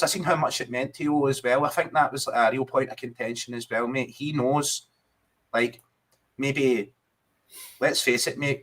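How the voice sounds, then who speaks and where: Scottish man, podcast co-host, chatty and casual, mid pitch. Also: fairly bright tone. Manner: chatty, keeps saying mate. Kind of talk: casual football chat.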